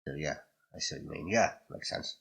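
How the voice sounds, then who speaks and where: Deep-voiced man with a bright edge. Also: a little fast, gravelly, slightly rough. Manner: chatty, agreeable, asks questions. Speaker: podcast co-host. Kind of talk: casual chat.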